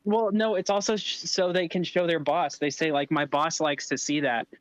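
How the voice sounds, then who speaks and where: A man's voice: on the high side, steady tone, moderate pace, no echo, low-quality recording. A young man co-hosting a podcast, chatting casually and bluntly and chiming in with comments. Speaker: podcast co-host. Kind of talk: casual chat.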